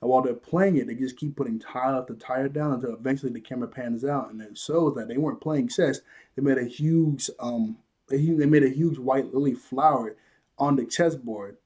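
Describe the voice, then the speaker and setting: A man talks through an episode he watched in a relaxed, rambling way, laughing easily along the way. His delivery is loose and conversational, full of fillers. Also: medium pitch, brisk. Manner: loose, chatty, laughs often, lots of "like". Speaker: show reviewer. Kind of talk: casual episode recap.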